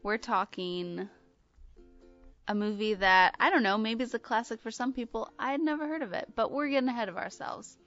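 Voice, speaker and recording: A woman's voice: a little high, moderate pace, fairly bright tone, muffled recording, soft background music. A woman co-hosting a podcast in casual chat, bubbly and giggly. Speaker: podcast co-host.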